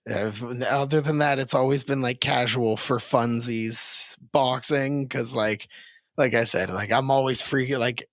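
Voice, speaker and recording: A young man rambles through stories in casual podcast chat, leaning on "like" and tossing in swear words. His pitch sits in the middle, and the recording is dry and close with no room sound. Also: fairly even intonation, measured pace, no room sound. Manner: rambling storyteller, heavy filler "like", profane.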